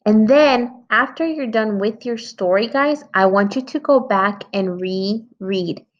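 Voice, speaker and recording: On slightly dull lo-fi audio, a woman with a medium-pitched voice talks a little slowly as she teaches young children to write. She patiently reasons out loud as she edits her story in this early-grade lesson.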